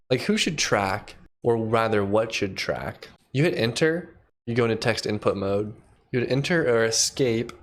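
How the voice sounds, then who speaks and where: A man livestreaming as a programmer, thinking aloud in a loose, relaxed way and chatting with viewers. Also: lowish voice. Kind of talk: casual livestream chat while coding.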